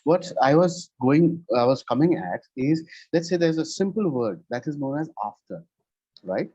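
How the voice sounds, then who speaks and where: A man's voice: on the high side, animated, normal speed, warm tone, breathy edge, dry recording, highs cut off. A man giving a one-on-one English lesson over a video call, explaining patiently and checking in with "right?" after nearly every point. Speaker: English tutor.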